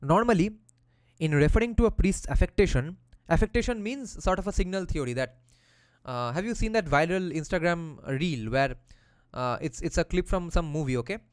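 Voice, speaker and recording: A man's voice: on the high side, animated, moderate pace, clear, resonant tone, dry recording. A man who reads passages from a philosophy text aloud and explains them in a casual way, using slang and the odd swear word.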